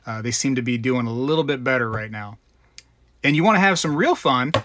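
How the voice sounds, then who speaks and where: A man's voice: medium pitch, lively intonation, brisk, fairly bright tone, dry recording. A man hosting a live stream in casual, rambling chat, greeting viewers by name. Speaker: livestream host.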